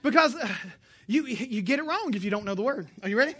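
A woman preaching a sermon in a lively, emphatic way, with joking asides and sudden bursts of loud emphasis. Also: on the high side, fast talker, husky.

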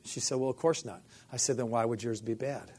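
Man telling an animated faith story. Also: medium pitch, a little fast, husky. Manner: animated storyteller, acts out quoted dialogue, repeats "I said". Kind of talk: storytelling interview.

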